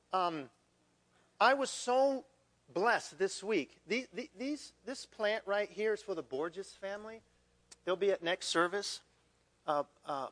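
A male pastor preaching a sermon in a conversational, animated way, with frequent restarts and repeated words. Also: high-pitched.

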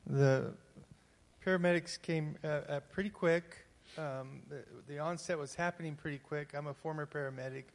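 A man sharing his testimony before a church congregation, speaking in a quiet, halting way. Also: a little high, fairly even intonation, creaky, big-room sound.

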